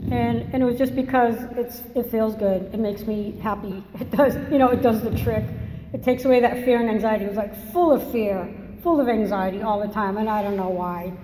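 A woman's voice: a little high, fairly even intonation, fairly quick, warm tone, a little hiss or hum. Candid woman in an echoey hall. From Massachusetts. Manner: candid, self-mocking, conversational. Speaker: speaker sharing a recovery story. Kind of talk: personal testimony talk. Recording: echoey hall with long reverb.

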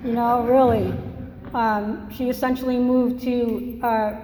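A woman's voice: a little high, little pitch movement, takes it slowly, dark tone, slight background noise. Woman from Massachusetts, candid personal testimony with self-mocking humour, long hall reverb on the voice. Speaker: speaker sharing a recovery story.

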